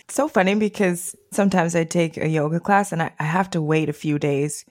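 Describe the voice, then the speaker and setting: Lowish-voiced lady guest, chatty, animated, acts out what people said, laughs a lot. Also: fairly quick. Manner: animated storyteller who acts out quotes, laughs often. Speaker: interview guest. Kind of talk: casual conversation.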